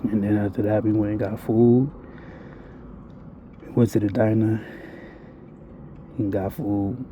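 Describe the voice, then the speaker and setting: A man's voice: on the low side, flat delivery, a little slow, mellow, slight background noise. A man telling a blunt, profane, rambling confessional monologue to his viewers. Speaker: vlogger.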